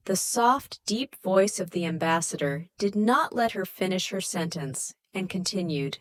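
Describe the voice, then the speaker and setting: A woman narrating an audiobook in scripted, expressive storytelling. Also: lowish voice, unhurried, dry recording.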